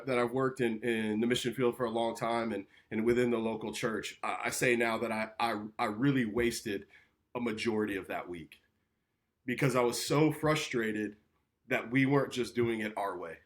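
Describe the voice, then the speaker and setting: An animated man tells a story as a podcast guest. He talks casually, often checks in with "right?", and slips into the voices of the people he quotes. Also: medium pitch, moderate pace.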